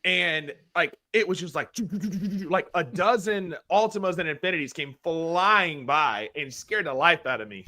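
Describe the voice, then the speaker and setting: Bright man with a head cold. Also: on the high side, animated, normal speed. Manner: chatty, leans on "like" as filler. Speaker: sports show co-host. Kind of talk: casual podcast chat.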